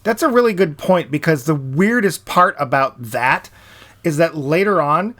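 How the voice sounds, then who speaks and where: A man in his fifties with a slightly high voice, hosting a casual podcast chat. He talks in a chatty, joking way. He laughs often as he goes. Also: expressive, moderate pace, fairly bright tone. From United States. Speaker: podcast host.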